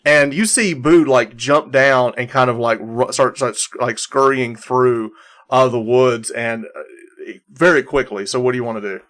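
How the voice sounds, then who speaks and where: Acting as game master for a tabletop game, a man narrates in a rambling way, full of restarts and filler words. He has a mid-range, fairly bright voice and speaks at a moderate pace.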